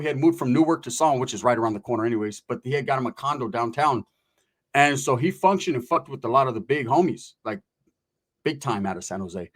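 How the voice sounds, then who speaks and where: A man telling a long story in casual, profane street slang. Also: a little high. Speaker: podcast storyteller.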